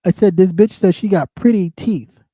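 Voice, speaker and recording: A man's voice: high-pitched, normal speed, mellow, dry recording, clean studio sound. A man ranting on a livestream, mocking and heated, swearing constantly. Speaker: livestream host. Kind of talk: profane livestream rant.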